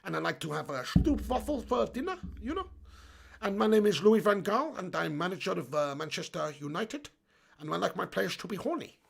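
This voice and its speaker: A man putting on an impression of a pompous Dutch football manager, speaking in a mumbling, deadpan way. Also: sits high, brisk, vocal fry, full character voice.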